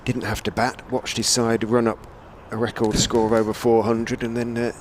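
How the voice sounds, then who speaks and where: A man giving relaxed ball-by-ball cricket commentary from a rooftop commentary position, rising with excitement on the big shots. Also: mid-range voice, a little hiss or hum. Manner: measured, chatty, lifts to excited calls on big shots. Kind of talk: radio-style ball-by-ball commentary. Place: commentary position on a stadium hotel roof.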